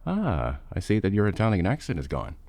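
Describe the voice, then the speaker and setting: A man voicing a quiet, serious young man who can summon a monster, soft-spoken and understated, for a fan-made audio story. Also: deep voice, huge pitch swings, fairly quick, no echo, pitched above the performer's own voice, full character voice. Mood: casual.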